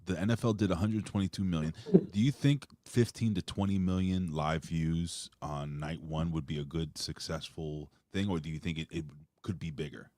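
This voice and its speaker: A man's voice: low-pitched, normal speed, few pauses, warm tone, no room sound, studio quality. A male host in casual chat, laid-back and teasing.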